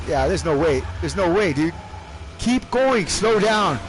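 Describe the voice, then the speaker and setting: A man commentating a sim race live, animated and shouting in bursts, often repeating words quickly. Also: high-pitched, noisy background. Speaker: race commentator and league team owner.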